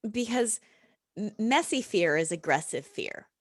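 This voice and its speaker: Middle-aged us woman on a podcast, real slow and reflective, laughs a lot, dry sound. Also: mid-range voice, big pitch swings, no echo. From United States. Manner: reflective, unhurried, laughs often. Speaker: guest, yoga and reiki practitioner. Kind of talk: casual podcast chat.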